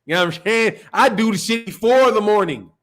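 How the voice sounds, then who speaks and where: A man's voice: high-pitched, brisk, fairly bright tone. A man from Chicago with a Chicago accent, hosting a live boxing stream in a loose, profane, rambling way with frequent laughs. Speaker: boxing channel host. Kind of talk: casual live-stream rant.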